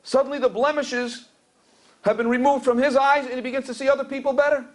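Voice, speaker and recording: At a community center event hall, a middle-aged rabbi gives a storytelling Torah lecture in English sprinkled with Hebrew and Yiddish terms. His voice is extremely high-pitched, steady and quick, and he repeats words while searching for a phrase.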